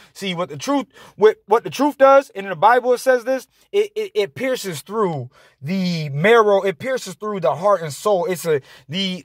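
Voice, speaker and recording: A man delivering an angry, confrontational rant to his viewers, halting often on fillers. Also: high voice, dry recording, clean studio sound. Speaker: vlogger.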